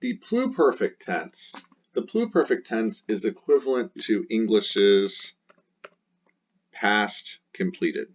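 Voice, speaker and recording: A man's voice: on the low side, very animated, takes it slowly. A man teaching a grammar lesson, explaining step by step and drilling endings aloud in rhythmic lists. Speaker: Latin teacher. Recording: dull lo-fi recording.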